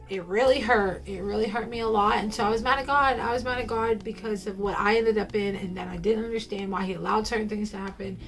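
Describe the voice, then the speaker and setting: A woman's voice: medium pitch, fairly bright tone. A woman telling a personal faith story straight to camera in a casual, playful way, full of slang and ums. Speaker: faith vlogger.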